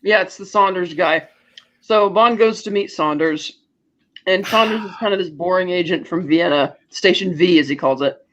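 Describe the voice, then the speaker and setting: A man co-hosting a podcast, recapping a movie in casual chat and slipping into quick character voices. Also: high-pitched, fairly bright tone. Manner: retells scenes with quick offhand character voices. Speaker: podcast co-host. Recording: dull lo-fi audio.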